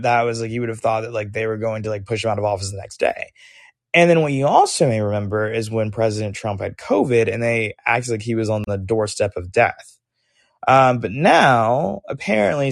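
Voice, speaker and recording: A young man hosts a podcast in a mid-pitched voice, throwing out sarcastic, animated political opinions. He pads his sentences with "like" and "um" but keeps pushing forward. He is recorded close up, dry, with no room echo. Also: gravelly. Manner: animated, sarcastic, heavy use of "like" and "um". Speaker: podcast host.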